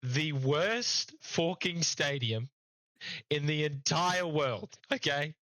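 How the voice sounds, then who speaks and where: Young Aussie podcast host, loud and swearing, bright forceful tone, dry close sound. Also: male voice, on the high side, slow, dry recording, low-quality recording. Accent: Australian. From Australia. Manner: fired-up, swearing, mock-outraged. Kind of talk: casual sports podcast rant.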